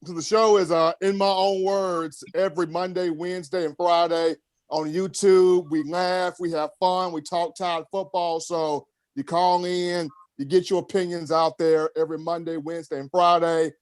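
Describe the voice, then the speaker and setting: A man's voice: high voice, flat delivery, normal speed, clean tone, no room sound, studio quality. A man who is a sports analyst guest, promoting his show in a friendly, laid-back way. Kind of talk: casual chat.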